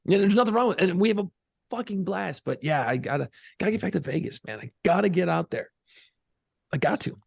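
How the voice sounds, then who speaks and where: A man talking in quick, casual podcast banter, his slightly high voice gravelly with fry. He swears freely and drops laughing asides. The mic is close and the room is dry. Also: animated, dry recording. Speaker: podcast co-host. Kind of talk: casual chat.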